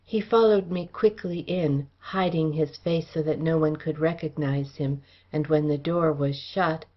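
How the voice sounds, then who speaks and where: A woman narrates a classic adventure novel in a steady, formal manner. Her voice sits low for a woman, and the recording sounds dull and lo-fi. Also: unhurried. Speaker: audiobook reader.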